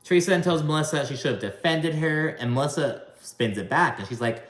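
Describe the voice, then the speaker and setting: A man's voice: fairly high pitch, brisk, a bit bright, roomy sound. A man giving a casual, chatty video recap of a reality show, gossipy and full of swearing.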